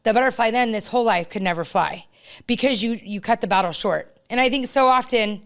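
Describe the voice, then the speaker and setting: A woman's voice: fairly high pitch, fairly quick, fairly bright tone. A woman co-hosting a podcast, a youth coach telling a heartfelt story in a casual, earnest way with lots of fillers. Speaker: podcast co-host.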